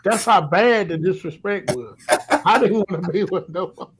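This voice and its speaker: A man, telling a candid, confessional story in casual chat, often trailing off softly. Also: high-pitched, normal speed, heavy background noise.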